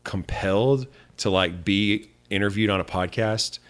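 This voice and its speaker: A man's voice: fairly low pitch, a little slow. A young man co-hosting a podcast in casual chat, asking wry, dry questions. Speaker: podcast co-host.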